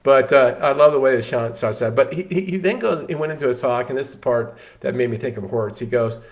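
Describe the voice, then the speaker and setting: A man's voice: medium pitch, fairly quick. Man telling a story. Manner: animated storyteller, frequent restarts and "you know" fillers. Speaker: host. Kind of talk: casual storytelling talk.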